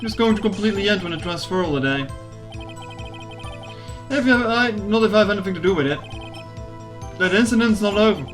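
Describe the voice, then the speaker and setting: A woman voicing a gruff young male police officer who puts on a cowboy drawl in a lowered voice. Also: animated, a little fast, long pauses, faint music behind, close to an everyday voice. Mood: brooding.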